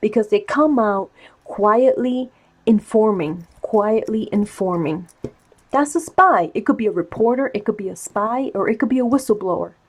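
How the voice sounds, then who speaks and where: A woman's voice: mid-range voice, moderate pace. A woman tarot and cup reader talking in a casual vlog, insistent and getting worked up, repeating herself for emphasis. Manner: excited, insistent, gets worked up.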